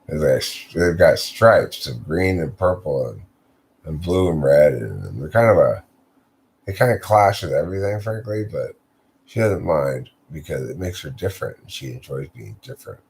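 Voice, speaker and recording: A man's voice: very deep voice, big pitch swings, moderate pace, gravelly, a little mellow. A man telling an improvised story in a drowsy, meandering way, losing his thread.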